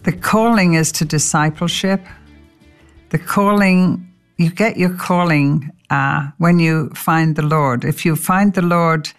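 An older woman teaching from the Bible in a sermon, telling stories animatedly and acting out the quotes. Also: long reverb tail. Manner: animated storytelling, acting out quotes with lively pitch jumps.

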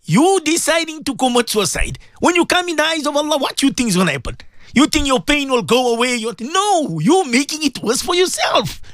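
A man's voice: very high-pitched, fairly quick, dry recording, studio quality. A middle-aged man, a Muslim cleric hosting a radio talk show, telling a story to his listeners in an emphatic, preaching way. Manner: animated, emphatic preaching, addresses listeners directly.

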